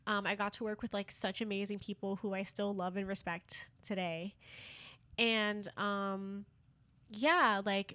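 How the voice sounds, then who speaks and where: A woman's voice: medium pitch, fairly bright tone, no room sound. A young woman hosting a podcast, telling a personal story in an earnest, heartfelt way with casual fillers. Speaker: podcast host.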